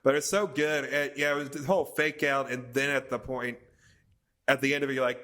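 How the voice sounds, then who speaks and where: A man's voice: mid-range voice, fairly even intonation, a little fast, pushed and bright. A man guesting on a gaming podcast, talking enthusiastically as a fan. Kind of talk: casual chat.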